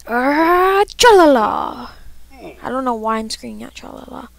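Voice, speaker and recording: A woman's voice: fairly high pitch, flat delivery, fast talker, gravelly, a bit bright. A woman giving let's play commentary, talking to herself with frequent frustrated outbursts as she plays. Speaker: gamer.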